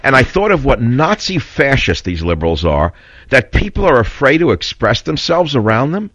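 A man's voice: medium pitch, big pitch swings, moderate pace, a bit bright, no echo. An older man hosting a talk radio show, blunt and combative, rambling through stories and opinions. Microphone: studio mic. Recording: dull, slightly lo-fi radio audio.

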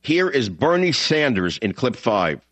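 A man's voice: medium pitch, big pitch swings, unhurried, a bit bright, dry recording. A man hosting a talk radio show, ranting and mocking in a combative monologue. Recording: slightly dull lo-fi broadcast audio.

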